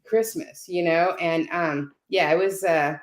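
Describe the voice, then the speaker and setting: A woman's voice: on the low side, fairly even intonation, unhurried. A middle-aged woman telling a personal story in casual conversation on a video call, often checking in with "right?" and "you know". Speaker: guest on a panel talk. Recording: roomy echo.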